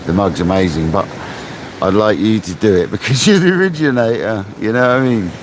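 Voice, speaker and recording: Laid-back man, fairly deep voice, chatting to his live viewers from a noisy beach with waves crashing behind. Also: expressive, brisk. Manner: chatty, laid-back, laughs often, calls viewers mate. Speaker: fishing live-streamer. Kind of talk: casual live-stream chat with viewers. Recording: outdoor mic with loud surf noise. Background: ocean waves.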